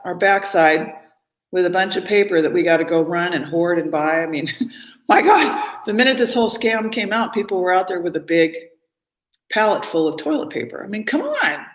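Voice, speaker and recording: A woman in a casual live stream monologue, talking at length in a rambling, emphatic way and often repeating her words. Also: medium pitch. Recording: roomy echo.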